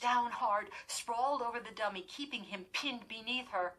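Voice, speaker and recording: A woman reading a horror story aloud as an audiobook narrator, slow and dramatic. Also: mid-range voice, pushed and bright, rough recording.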